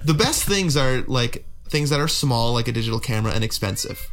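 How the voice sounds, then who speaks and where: A young man chats easily on a podcast, joking around and laughing often. His voice sits at an ordinary middle pitch. Soft guitar music plays quietly underneath. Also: lively intonation, a little fast. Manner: easygoing, jokey, laughs often. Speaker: podcast co-host. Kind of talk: casual chat.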